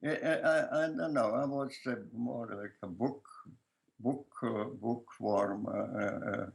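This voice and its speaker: An older man with a strong Lithuanian accent, a filmmaker answering interview questions in a halting way, searching for words and often restarting, with soft laughs. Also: mid-range voice, vocal fry, low-quality recording. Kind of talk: casual conversation.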